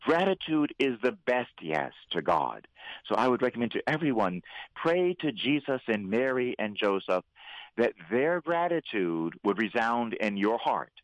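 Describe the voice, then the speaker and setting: Male priest, radio host, fervent preacherly delivery, middle pitch, dry close studio sound. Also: unhurried, no room sound, poor audio. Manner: fervent, preacherly, animated when voicing God. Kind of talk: radio talk and prayer.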